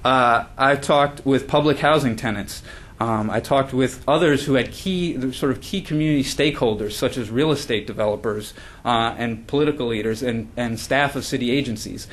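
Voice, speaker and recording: A man's voice: mid-range voice, normal speed. A man, as the author, giving a book talk at a launch event, earnest, with frequent fillers and restarts. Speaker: author presenting his book.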